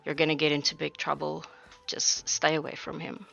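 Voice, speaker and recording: A woman voicing a guarded, secretive woman who speaks in low, hushed warnings. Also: monotone, normal speed, vocal fry, lo-fi sound, soft background music, heavily acted.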